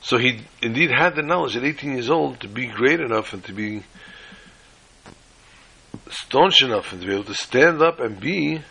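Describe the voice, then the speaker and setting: A man teaching a sermon-style lesson and telling a joke along the way. His voice is gravelly and bright, with a husky edge. He restarts his phrases often and mixes in Hebrew and Yiddish words. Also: mid-range voice, animated, normal speed, low-quality recording.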